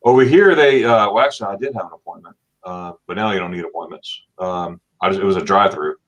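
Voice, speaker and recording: A middle-aged man from Florida hosting a casual livestream chat, telling animated stories and acting out what people said with laughs. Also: sits low, fast talker, highs cut off. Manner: animated storyteller, acts out quotes with laughs. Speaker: livestream host.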